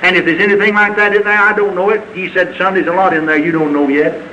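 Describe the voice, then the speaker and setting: A man preaching a sermon in a fervent, folksy style, with sudden high shouts. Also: little pitch movement, fast, poor audio. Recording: archival sermon tape with faint hiss.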